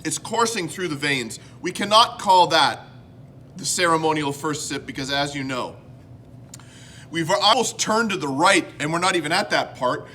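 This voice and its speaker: A man's voice: fairly high pitch, animated, normal speed, sharp tone, a little hiss or hum. A man from Canada hosting a casual home vlog, rambling and joking at his own expense. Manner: rambling, self-mocking, jokey. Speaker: host.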